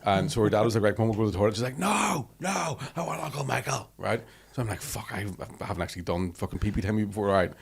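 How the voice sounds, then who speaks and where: A man's voice: lowish voice, fairly even intonation, very fast, darkish tone. A man, a podcast guest joking and swearing in casual chat. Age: late 30s.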